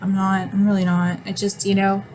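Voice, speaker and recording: A woman's voice: mid-range voice, monotone, moderate pace, darkish tone, a little hiss or hum, rough recording. A woman in her thirties, chatting casually to camera, rambling with ums and frequent laughs, a bit winded and yawning. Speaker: vlogger.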